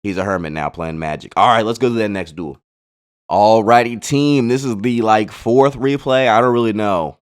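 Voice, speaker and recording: Laid-back man with a low, smooth voice. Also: normal speed. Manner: laid-back, slangy, chatty asides. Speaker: gaming channel host. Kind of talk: casual card-game replay commentary.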